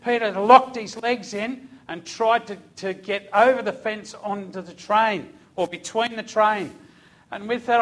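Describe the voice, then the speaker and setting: A man's voice: sits high, fairly bright tone. A man, a former police officer turned preacher, telling a vivid, emotional testimony in a sermon. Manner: vivid storyteller, voice rising and falling with emotion.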